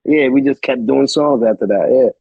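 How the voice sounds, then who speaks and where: A man's voice: medium pitch, moderate pace, vocal fry, mellow, slightly rough, no echo, highs cut off. A man from Brooklyn, a guest rapper talking casually in an interview, laid-back and profane, leaning on "you know what I mean". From Brooklyn, New York.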